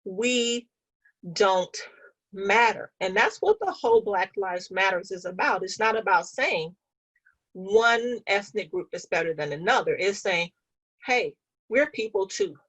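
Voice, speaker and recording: A woman talks through a personal story as an interview guest, her voice a little husky and breathy. Her pitch sits in an ordinary middle range. She speaks earnestly, pressing her points with conviction. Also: lively intonation, unhurried, a bit bright, rough recording. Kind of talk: conversational storytelling.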